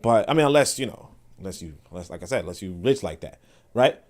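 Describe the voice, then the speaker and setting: A man hosting a podcast, talking in an animated, casual way with frequent restarts and asides to listeners. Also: deep voice, fast. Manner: laughs and asks listeners for agreement. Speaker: podcast host. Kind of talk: casual monologue.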